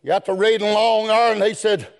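High, gravelly whooping preacher man. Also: steady tone, a little fast. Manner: folksy plain speech with calls of "brethren" and "my friend". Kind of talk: sermon.

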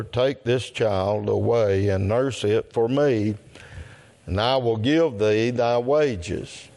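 A man, leading an evening service and slowly reading scripture aloud with long pauses. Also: fairly low pitch, a little mellow. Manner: slow, deliberate reading with long pauses, throat clearing. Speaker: preacher.

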